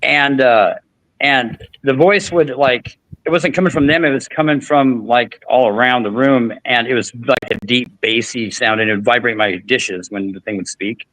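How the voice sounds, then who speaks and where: A man's voice: medium pitch, normal speed, a bit bright, no echo, poor audio. A man hosting a podcast, telling a long story in casual chat with frequent restarts and fillers. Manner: rambling, many restarts and fillers. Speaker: podcast host.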